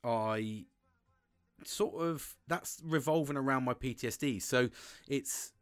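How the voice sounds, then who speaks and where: A man, talking candidly and excitably to camera, swearing constantly and restarting sentences. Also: slow pace, smooth. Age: 40s. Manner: swears constantly, animated, pitch jumps with excitement. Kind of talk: candid monologue.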